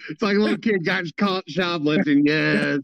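A man's voice: on the high side, moderate pace, vocal fry, fairly bright tone, no room sound. Joking man on a dull, dry line. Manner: joking, teasing, profane. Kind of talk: casual banter.

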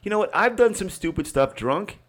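A man co-hosts a casual comedy podcast. His pitch moves a lot, rising and falling as he tells a story. He jokes, swears and laughs often. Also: lively intonation, a little fast, fairly bright tone. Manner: joking, profane storyteller who laughs often. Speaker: podcast co-host.

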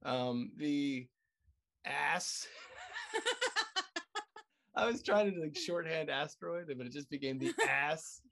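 Low-voiced giggly woman co-host. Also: very animated, slow pace, pauses often, a bit bright. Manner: playful, giggly, puts on silly voices. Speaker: podcast co-host. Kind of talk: casual chat.

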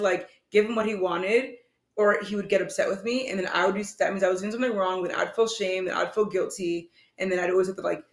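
A young woman co-hosting a podcast, telling a personal story in casual, rambling chat, full of "like". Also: medium pitch. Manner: earnest, rambling, heavy use of "like". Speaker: podcast co-host. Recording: echoey room.

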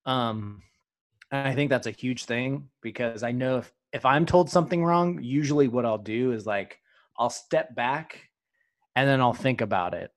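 A man co-hosting a casual faith-based chat, speaking in a slow, reflective, soft-spoken way. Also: medium pitch, no echo, clean studio sound. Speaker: podcast co-host.

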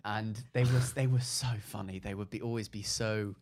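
A young man with a posh English accent, chatting as a podcast guest and telling school stories in an animated way, laughing often. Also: lowish voice, normal speed. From England. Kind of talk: casual interview chat.

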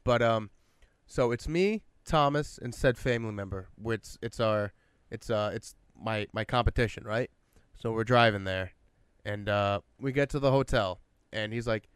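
A young man co-hosting a casual podcast, telling stories with heavy swearing and shouting out the quoted lines. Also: fairly low pitch, moderate pace, hardly any pauses, clean tone, dry recording, studio quality. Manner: swears freely, acts out quotes with sudden shouts. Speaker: podcast co-host. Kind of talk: casual storytelling chat.

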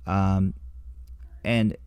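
A man's voice: deep voice, little pitch movement, drawn-out words, a little mellow, smooth, no room sound, clean studio sound. A man hosting a podcast in casual banter, playful and mock-formal, swearing as he goes. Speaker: podcast host.

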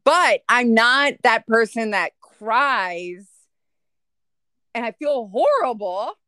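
A woman's voice: fairly high pitch, lively intonation, slow pace, bright, forceful tone, smooth, no room sound, clean studio sound. A woman chatting casually as maid of honor, blunt and playful, often laughing. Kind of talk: casual chat.

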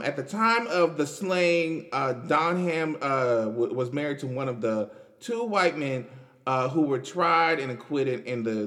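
A man's voice: medium pitch, fairly bright tone. A young man, hosting a casual podcast and commenting on news in a loose, chatty way with restarts and laughs. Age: 20s. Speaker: podcast host.

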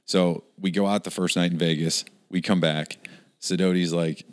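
A man co-hosting a podcast with a very deep voice. He wanders through his anecdotes and says "like" at every turn. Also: steady tone, normal speed, clear, resonant tone. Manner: rambling anecdotes, filled with "like". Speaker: podcast co-host. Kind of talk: casual podcast chat.

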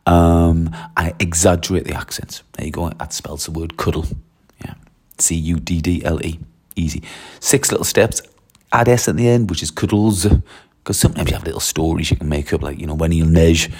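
A man's voice: sits low, steady tone, moderate pace, darkish tone, slightly rough. A man teaching French, talking through classroom steps with frequent direct requests and tag questions. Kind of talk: classroom-style teaching walkthrough.

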